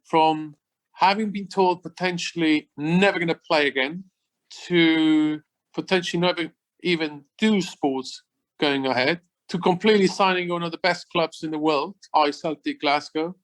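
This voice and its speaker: Enthusiastic man, slightly high voice. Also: normal speed, a bit bright. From Switzerland. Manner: enthusiastic, repeats words, non-native phrasing. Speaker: former footballer guest. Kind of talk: casual interview chat.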